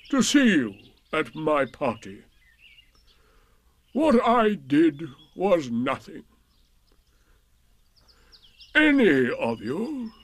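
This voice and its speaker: Man putting on a glum old donkey, sighing slow drawl, a bit higher than his own voice, sour and self-pitying. The storybook voice swings up and down as he mopes. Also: dry recording. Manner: slow, mournful, sarcastic drawl. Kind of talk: storybook reading.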